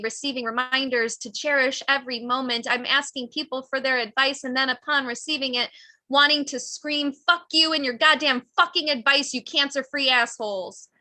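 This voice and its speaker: A woman author reads her memoir aloud at a cafe literature event. Her voice sits slightly high with a sharp, forceful brightness and dry, close sound. The delivery is raw and intense, surging and dropping with the feeling. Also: no echo. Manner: intense, raw emotional delivery with swings in pace and loudness. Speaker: author reading her own work. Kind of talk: live reading of personal memoir prose.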